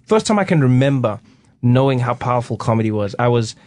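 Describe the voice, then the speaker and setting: A man's voice: medium pitch, expressive, quick pace, darkish tone, no room sound, clean studio sound. A man with a South African accent, a guest comedian telling stories on a radio talk show. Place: radio studio.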